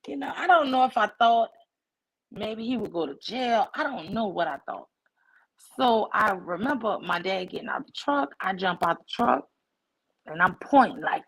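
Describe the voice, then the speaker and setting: A woman livestream host telling a personal story to her chat in a casual, animated way, acting out the voices in it. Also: on the high side, measured pace, husky, low-quality recording. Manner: animated, acts out quoted voices.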